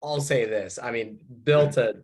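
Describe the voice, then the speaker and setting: A man who is a guest on a podcast, talking in a modest, halting way with many restarts. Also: medium pitch, a little mellow. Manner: modest, halting, repeats words. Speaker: guest player. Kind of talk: casual chat.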